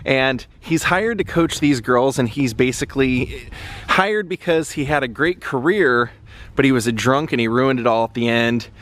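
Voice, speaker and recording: A man hosts a casual walking vlog outdoors around a stadium. He talks in a rambling, chatty way with plenty of ums, at an ordinary mid-range pitch. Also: moderate pace, a bit bright. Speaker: travel vlogger visiting film locations.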